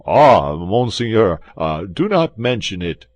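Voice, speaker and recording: A man's voice: on the low side, sing-song, slow, a little mellow, no echo, pitched above the performer's own voice. A man voicing a frightened innkeeper who pleads in a trembling, pitiable voice. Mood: pleading.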